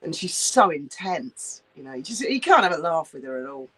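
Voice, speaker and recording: A woman's voice: sits low, big pitch swings, normal speed, pushed and bright, husky, low-quality recording. A woman in casual chat who talks bluntly, swears freely and mocks people. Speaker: co-host.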